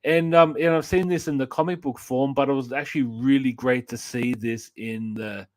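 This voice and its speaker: A man's voice: mid-range voice, steady tone, moderate pace, darkish tone, no echo. Man gushing as a co-host on a close, dry mic. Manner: effusive, gushing praise. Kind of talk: casual pop-culture chat.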